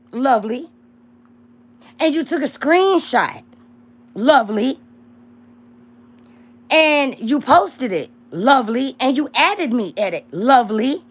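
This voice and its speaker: A young woman hosts a casual livestream, calling out a rival in blunt, profane terms. She swings between loud, mocking lines and low murmurs.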